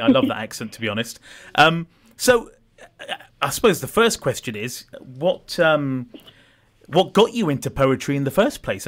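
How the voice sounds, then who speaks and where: A man's voice: mid-range voice, fairly bright tone. A man hosting a community radio show, introducing and interviewing a guest in a friendly way with frequent uhs and ums.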